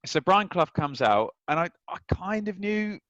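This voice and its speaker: A man in his thirties, a guest telling anecdotes in an animated way and acting out the lines of the people in them. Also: high voice, normal speed, dry recording, dull audio. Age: 30s. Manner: animated, acts out quoted lines. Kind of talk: anecdotal storytelling.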